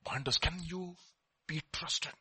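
A man preaching with a bright, forceful edge and a slightly raised pitch. He swings from hushed asides to loud emphatic questions and acts out the people in his stories. The sound is dry and close. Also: a little slow, slightly rough, no room sound. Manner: animated preaching, acts out quoted dialogue, swings from quiet to loud. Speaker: pastor. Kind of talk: sermon.

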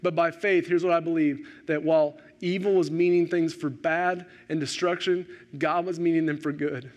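A male pastor preaching a sermon, rising to animated questions and dropping to slow, hushed emphasis. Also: fairly high pitch.

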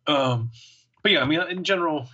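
A man's voice: fairly high pitch, fast, pushed and bright, lo-fi sound. A man co-hosting a podcast in casual chat, joking and rambling with plenty of fillers. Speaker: podcast co-host.

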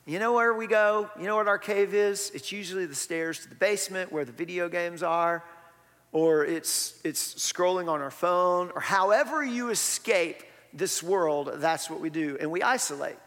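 A pastor with a fairly high, bright voice preaches a sermon in a conversational way, tossing rhetorical questions at the congregation. The church hall gives the recording a long reverb.

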